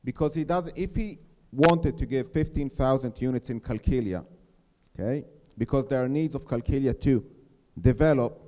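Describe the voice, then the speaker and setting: A middle-aged man on a panel speaking earnestly to a live audience, slowing down to press his key points. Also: medium pitch, warm tone. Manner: earnest, persuasive, slows to stress key points. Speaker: settlement mayor on a panel. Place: lecture hall. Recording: reverberant hall.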